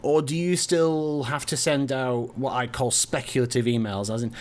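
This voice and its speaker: A man of average pitch hosts a relaxed interview. He asks long, rambling questions and circles back with fillers and restarts before getting to the point. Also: moderate pace, hardly any pauses. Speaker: podcast host. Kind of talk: casual interview chat.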